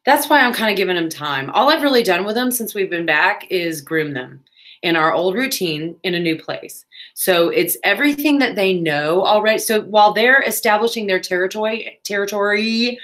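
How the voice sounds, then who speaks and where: A woman's voice: medium pitch, animated, moderate pace, a bit bright. A woman, chatting casually on a crafting livestream, with playful asides.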